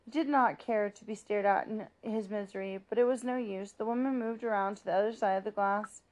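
A woman reading a children's novel aloud in a steady, plain narrating voice, with small slips. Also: medium pitch, a little fast. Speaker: reader.

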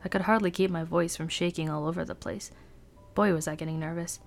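A woman's voice: lowish voice, steady tone, a little fast, vocal fry, soft background music. A woman podcast host reading a first-person novel aloud in a brooding, sardonic narration.

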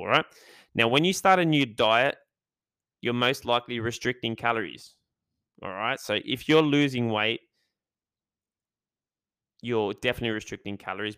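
A man hosting his own podcast in an energetic, chatty monologue. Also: medium pitch, clean tone, no echo, clean studio sound. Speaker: podcast host.

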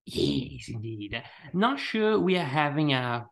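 A man's voice: medium pitch, sing-song, slow pace, creaky, fairly bright tone. A man hosting a podcast, chatting casually and teasing his co-host, often laughing. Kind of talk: casual chat.

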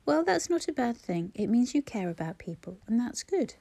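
A woman's voice: on the high side, very animated, normal speed, gravelly, voice pushed up, exaggerated voice. A woman voicing a wry young mother. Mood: gentle. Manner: wry, gently protesting.

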